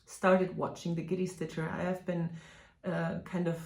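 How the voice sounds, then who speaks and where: A woman's voice: fairly low pitch, flat delivery, normal speed, a little mellow. A woman from Germany, a native German speaker, chatting casually to camera as a stitching vlog host, with many fillers and restarts. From Germany (Hanover). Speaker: flosstube host. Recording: echoey room.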